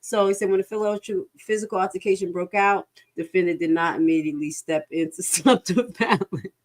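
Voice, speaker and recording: A woman casually commenting live as she reads through a lawsuit, frank and animated, speaking straight to her viewers and swearing freely. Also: fairly quick. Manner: animated, swings into high-pitched laughing outbursts and back to low reading.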